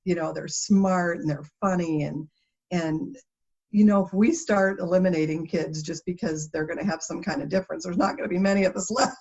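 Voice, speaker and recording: Female guest, animated storyteller, lower-pitched, lo-fi interview recording. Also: fairly quick. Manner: animated storytelling, laughs often. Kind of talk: conversational interview. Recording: dull lo-fi interview audio.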